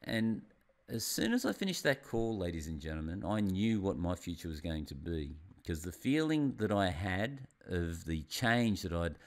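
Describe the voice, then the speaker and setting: A business consultant and seminar speaker delivers a motivational presentation, telling his story with theatrical rises and falls in pitch and volume. He calls the audience "ladies and gentlemen" and speaks at a moderate pace in a sing-song way.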